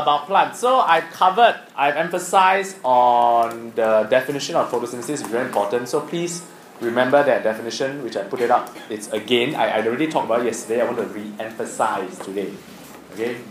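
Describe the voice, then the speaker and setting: A man's voice: mid-range voice, echoey room, slight background noise, rough recording. A man teaching science to a class, asking questions and teasing students. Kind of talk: classroom lesson.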